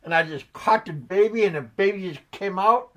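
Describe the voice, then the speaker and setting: A man's voice: high-pitched, bright, forceful tone. A middle-aged man hosting a casual chat, telling a story with many restarts, fillers and laughs. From United States. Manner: halting, many restarts and ums, laughs at own jokes. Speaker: show host.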